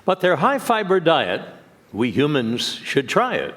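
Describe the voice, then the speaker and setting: Slow male limerick reader. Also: on the high side, wildly swooping pitch, a bit bright. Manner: slow, deliberate, sing-song. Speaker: limerick reader on a quiz show. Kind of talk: reading comic verse.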